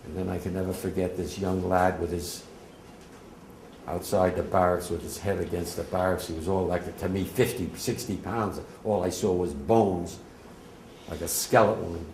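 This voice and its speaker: This war veteran, a man in his 80s from New Jersey, USA, has a deep, slightly mellow voice with fairly even intonation and a moderate pace. He shares emotional, vivivid testimony with a class, bursting out emphatically at times. The echoey room recording has a little hiss or hum.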